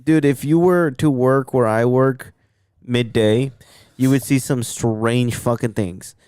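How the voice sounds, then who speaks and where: A man's voice: medium pitch, fairly even intonation, darkish tone, smooth, dry recording, studio quality. A young man chiming in and reacting during casual podcast chat, swearing freely. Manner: chiming in, reacting with quick backchannels. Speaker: podcast co-host.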